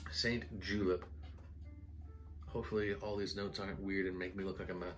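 A man casually reviewing perfumes in a vlog, excitable and rambling, full of "like" and "guys". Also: low voice, moderate pace, soft background music. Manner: excitable, enthusiastic, rambling with many "like"s. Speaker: fragrance reviewer.

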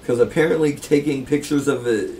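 A man's voice: a little high, a little fast, warm tone, far from the mic, a little hiss or hum. A man chatting casually while playing a game with a friend, in a dry, reasoning way. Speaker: gamer co-host. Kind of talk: casual let's play chat.

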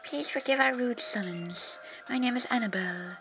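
A man voicing the composed female chief of a secret police unit, speaking softly in a measured, formal way. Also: very high-pitched, music in the background, voice pushed up.

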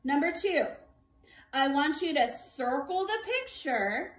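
A woman teaching a kindergarten workbook lesson, talking slowly and clearly in a sing-song way and prompting children to repeat words. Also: sits high, animated, echoey room. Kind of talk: distance-learning workbook lesson for young children.

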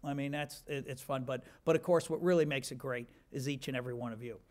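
A man's voice: mid-range voice, fairly even intonation, fast, a little mellow. A man in his fifties giving a rambling, self-deprecating acceptance speech with many restarts.

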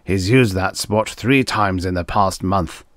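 A man voicing a chubby, bossy TV producer with a rumbling, petulant way of speaking. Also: measured pace, no echo, clean studio sound.

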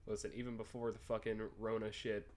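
A man's voice: fairly low pitch, little pitch movement, a little fast, heavy background noise. A twenty-year-old man giving casual, profanity-laced commentary on a game, reading the dialogue choices aloud. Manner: laid-back, swears freely, reads choices aloud. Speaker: gaming YouTuber.

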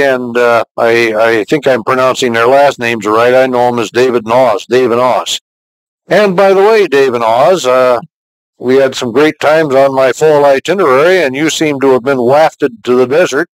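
An older man giving a recorded teaching message as a pastor, talking in a fatherly, conversational way and reading scripture slowly. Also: mid-range voice, no room sound, rough recording.

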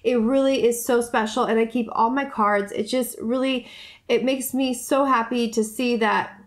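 Woman vlogger, a little high-voiced, effusive and gushing, soft rambling chat with fillers. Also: steady tone, normal speed. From United States. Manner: gushing, effusive, repeats herself. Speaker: YouTuber opening viewer mail. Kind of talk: casual vlog chat.

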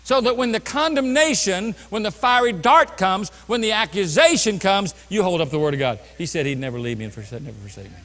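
A man with a high-pitched voice preaches a sermon from a church sanctuary, and his words ring out in a long hall reverb. He swings from loud, emphatic bursts down to hushed, lower passages. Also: lively intonation, brisk, hardly any pauses. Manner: preaching with sudden loud bursts and drops to quiet. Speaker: pastor.

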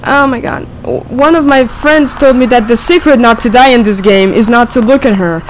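A woman's voice: fairly high pitch, normal speed, a little hiss or hum, low-quality recording. A young woman playing a horror game, panicking, screaming and giggling nervously as she talks. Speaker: gamer. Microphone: desk microphone.

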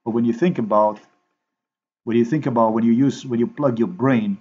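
A man talking to his viewers in a rambling, halting way while he edits a video, repeating himself and filling gaps with "you know". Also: medium pitch, fairly even intonation, a little mellow, slightly rough, highs cut off. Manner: repetitive, halting, thinks aloud with many fillers. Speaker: video maker.

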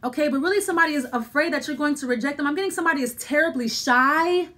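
A woman's voice: sits high, racing, sharp tone. A woman giving a casual tarot reading, thinking aloud as she pulls cards, repeating herself and speaking straight to the listener. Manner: rambling, repetitive, thinking aloud while pulling cards; addresses the listener directly and reassuringly. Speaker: tarot reader.

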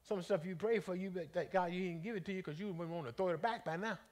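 A man leading a Bible study as bishop, preaching in an animated, folksy way and calling out to the congregation. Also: sits high, fast talker. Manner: animated, conversational, calls out to the congregation; colloquial, folksy phrasing.

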